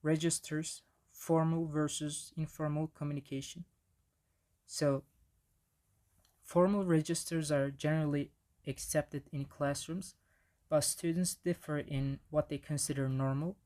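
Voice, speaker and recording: A man's voice: fairly high pitch, steady tone, measured pace, darkish tone. A man giving a casual slide presentation on language in the classroom, with frequent restarts and fillers.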